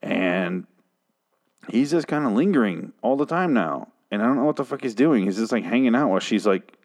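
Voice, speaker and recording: A man's voice: medium pitch, lively intonation, normal speed, a little mellow. A man casually recapping a TV episode, rambling, sarcastic and profane, with frequent asides and restarts. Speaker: show recap host.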